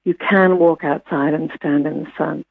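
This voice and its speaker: NZ woman guest, gravelly voice, tinny phone line, thoughtful advice. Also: low-pitched, fairly even intonation, moderate pace. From New Zealand. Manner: gentle, reflective, many fillers and restarts. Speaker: wellbeing expert guest. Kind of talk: radio interview, casual advice.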